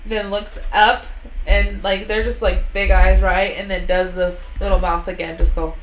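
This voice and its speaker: A woman's voice: mid-range voice, little pitch movement, normal speed. A woman playing in a tabletop game, chatting casually with a giggly, hesitant manner and many fillers. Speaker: player. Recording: roomy echo, faint noise.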